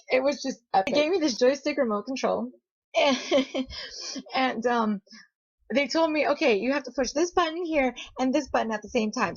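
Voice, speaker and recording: A young woman telling a story in a casual vlog, giggly and excitable, often breaking into laughter. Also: high-pitched, muffled recording. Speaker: vlogger.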